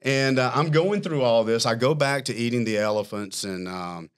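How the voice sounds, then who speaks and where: A man, a company chief executive, telling a long story in a casual interview, animated and self-mocking, laughing as he talks. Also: mid-range voice, moderate pace, clean tone. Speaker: firm CEO, podcast guest.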